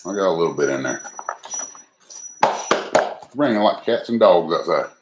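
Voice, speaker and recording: A low, expressive male voice at normal speed belongs to a cooking livestream host. Recorded in a noisy home, he cooks while chatting with viewers in a folksy manner, often poking fun at himself.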